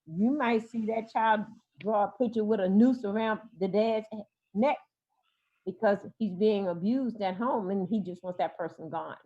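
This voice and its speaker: Halting woman therapist, dull lo-fi sound. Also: mid-range voice, dark tone. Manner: hesitant, many fillers and restarts. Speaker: therapist guest. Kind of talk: interview talk.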